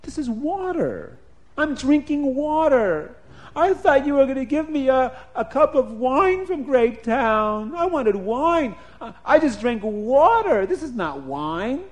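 A man storytelling for children voices a greedy, excitable king who loves wine, gleeful at first and then indignant. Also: high voice, a little slow, few pauses.

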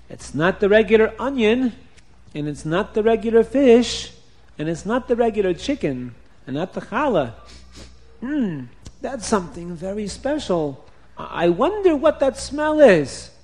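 A man's voice: high-pitched, very animated, a little slow, darkish tone, voice pushed up. A man voicing a hungry, bumbling husband who muses eagerly to himself in a storybook tale. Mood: curious. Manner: eager, sniffing, rambling musings.

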